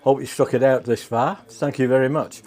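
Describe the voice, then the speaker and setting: A man's voice: mid-range voice, steady tone, moderate pace, darkish tone. A man chatting casually as a home cooking vlogger, tasting his food on camera and talking with his mouth full. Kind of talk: casual taste-test chat.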